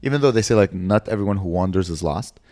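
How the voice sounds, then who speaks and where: A man's voice: deep voice, animated, fast, a little mellow. A young man co-hosting a casual comedy podcast, rambling through stories and slipping into silly voices. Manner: rambling storytelling, slips into silly voices and laughs. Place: indoor podcast studio.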